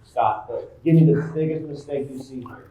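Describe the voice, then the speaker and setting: A man's voice: mid-range voice, normal speed, heavy reverb, distant mic, very noisy. A man hosting a live panel show in front of an audience, upbeat and reading out cheesy lines. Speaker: host.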